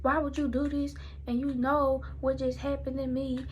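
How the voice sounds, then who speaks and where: A woman's voice: high voice, little pitch movement, moderate pace, darkish tone, lo-fi sound, slight background noise, close to an everyday voice. A young woman voicing her mother, who scolds and fusses at her daughter. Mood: tearful pleading. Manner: fussing, scolding, repeating herself. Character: scolding, tearful middle-aged mother.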